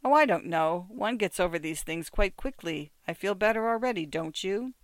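A reader doing a proud, guarded woman in a storybook scene, precise and ironic as she talks to an old lover. The voice sits at a middle pitch, close and dry with no room sound. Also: expressive, moderate pace, no room sound, natural voice.

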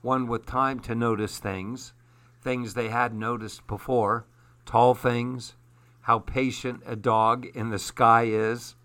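Slow, gentle man reading a storybook. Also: medium pitch. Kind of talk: storybook read-aloud.

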